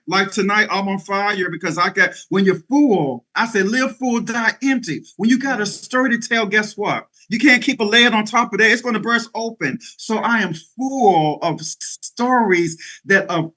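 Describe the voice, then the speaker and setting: A man's voice: sits high, normal speed, few pauses, pushed and bright. A middle-aged man giving an interview as a guest speaker, talking in an emphatic, preacherly way with bursts of energy. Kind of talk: motivational interview talk.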